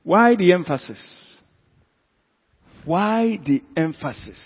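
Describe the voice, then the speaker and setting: A man with a Ghanaian accent, a pastor preaching a sermon who swings from quiet asides to loud, drawn-out emphasis. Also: a little high, slightly rough. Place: church hall. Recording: echoey hall, dull lo-fi sound.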